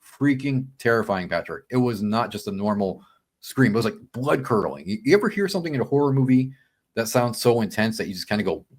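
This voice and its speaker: A man telling a story as a podcast guest in casual chat, animated, acting out his own quotes and peppering talk with "man" and "dude". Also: medium pitch, fairly quick.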